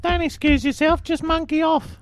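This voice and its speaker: A woman's voice: sits high, fairly even intonation, moderate pace, no echo, faint music behind, close to an everyday voice. An Aussie woman doing a brash foul-mouthed slum girl. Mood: bickering. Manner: snappy, swaps swears for a silly word. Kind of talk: amateur script read-through.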